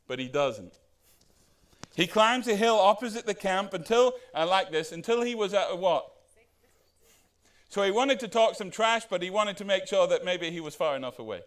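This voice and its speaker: A man pastor preaching a sermon in a conversational way, asking rhetorical questions and acting out the quoted lines. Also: sits high.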